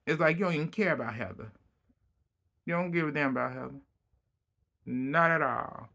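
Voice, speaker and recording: Animated man recapping gossip. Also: on the high side, moderate pace, gravelly. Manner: animated storytelling, acting out quotes. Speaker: vlog host.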